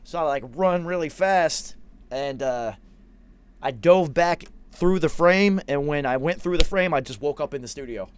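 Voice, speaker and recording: A man's voice: on the high side, normal speed, slight background noise. A man in his forties, a podcast host, telling a long rambling story with lots of swearing and quoted asides. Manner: rambling, profane, animated anecdote with self-quoting. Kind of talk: casual storytelling.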